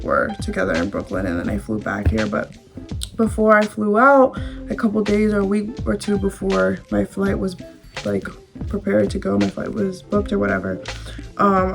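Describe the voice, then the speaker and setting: A young woman talks candidly to the camera, chatting through a personal story with plenty of fillers and the odd swear word. Her mid-pitched voice has a gravelly fry, and soft instrumental music plays faintly behind her. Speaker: vlogger.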